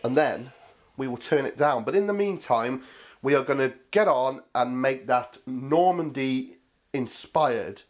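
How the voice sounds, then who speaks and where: A man's voice: mid-range voice, expressive, slow. A man hosting a cooking show, chatting casually and jokily to viewers as he cooks. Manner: chatty and jokey, talks to viewers as mates.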